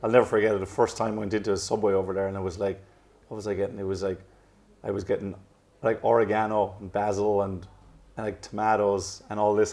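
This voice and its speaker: A man in his thirties with an Irish accent that has picked up some American edges, talking in a loose, rambling way full of self-corrections. His voice sits fairly low and sounds warm and mellow, never sharp. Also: flat delivery, fast talker. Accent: Irish with some American drift. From Ireland. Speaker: professional golfer, guest. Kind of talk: casual interview chat.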